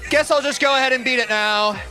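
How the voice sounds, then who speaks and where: A man's voice: very high-pitched, fast talker, sharp tone, soft background music. A young man livestreaming a game, chatting casually with viewers, self-mocking and swearing freely. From United States. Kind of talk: casual chat with viewers while gaming.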